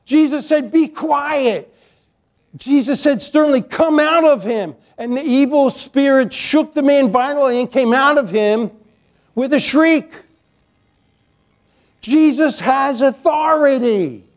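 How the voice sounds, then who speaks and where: High-voiced emphatic male preacher. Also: unhurried. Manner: emphatic preaching with repeated lines and playful asides. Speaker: pastor. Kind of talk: sermon.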